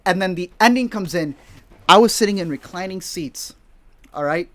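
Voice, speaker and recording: A man co-hosting a podcast, telling an animated, slangy story and acting out the dialogue in it. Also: sits high, moderate pace. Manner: excitable, slangy, acts out dialogue in his stories. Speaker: podcast co-host. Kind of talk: casual chat, animated storytelling.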